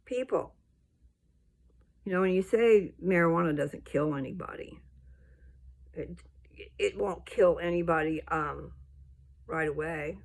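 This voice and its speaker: Older woman, blunt, scolding, rambling talk, lowish voice that leaps high when riled. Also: measured pace, creaky, pauses often, a little mellow. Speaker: vlogger. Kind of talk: casual rant to camera.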